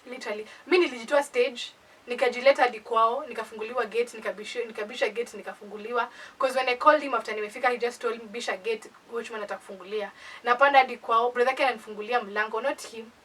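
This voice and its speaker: Young Kenyan woman, animated storyteller, high breathy voice, distant mic. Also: very fast, a little hiss or hum. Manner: animated, indignant, code-switching. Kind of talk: casual storytime.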